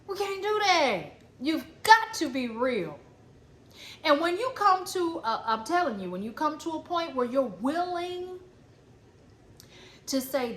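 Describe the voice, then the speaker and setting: Speaking at a measured pace, this spiritual coach sounds very animated, her high voice slightly bright. She hammers home repeated phrases and swears casually in an emphatic pep talk, recorded in an echoey space with faint ambient noise.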